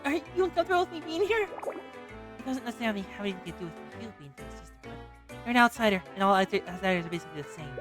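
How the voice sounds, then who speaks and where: A woman's voice: medium pitch, animated, racing, fairly bright tone, soft background music, pitched below the performer's own voice, lightly acted. A woman voicing a timid young female librarian who speaks in a hesitant, mumbling voice. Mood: hushed wary.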